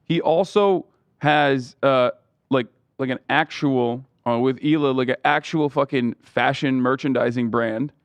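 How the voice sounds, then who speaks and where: A man in casual podcast chat, talking excitedly and profanely, his pitch jumping up when he gets worked up. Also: unhurried, dry recording. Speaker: podcast co-host.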